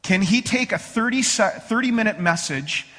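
A middle-aged man preaching a sermon as pastor, who reads scripture slowly and then talks casually with restarts. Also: high voice, animated, sharp tone, in a large hall. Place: church sanctuary.

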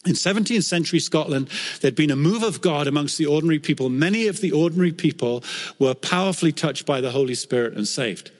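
A man preaching a sermon as a pastor, telling stories in an earnest, animated way that lifts when he quotes scripture. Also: a little high, quick pace. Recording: long hall reverb.

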